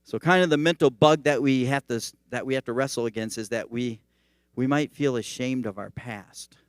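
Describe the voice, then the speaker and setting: A male pastor preaches in an easy, conversational way, telling stories and reaching for anecdotes. His voice sits at a middling pitch. The sound is dry and close-miked. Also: normal speed, clean tone, no room sound. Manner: conversational, animated storytelling preaching. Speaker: teaching pastor. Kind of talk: sermon.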